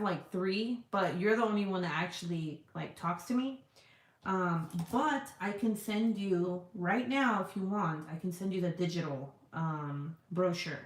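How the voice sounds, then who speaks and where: A woman's voice: on the low side, reverberant. A woman hosting a casual livestream, reading viewer comments aloud in a rambling, profane, giggly way. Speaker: livestream host.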